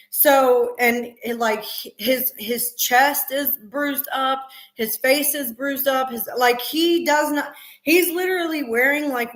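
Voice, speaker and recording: A middle-aged woman chats on her live stream in an earnest, emphatic way, with plenty of fillers. Her voice sits a little high, and she speaks slowly. The room adds a noticeable echo. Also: a bit bright. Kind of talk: casual live-stream chat. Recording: roomy echo.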